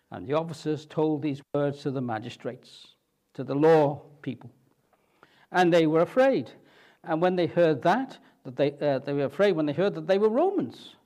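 Expressive male preacher, high voice that rises and falls widely, dramatic storytelling. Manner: expressive, dramatizing the scripture with repeated questions. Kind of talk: sermon.

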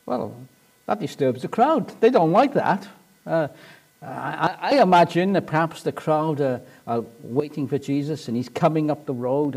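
A man preaching a sermon, retelling a story in an animated way and rising to emphatic points. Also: a little high.

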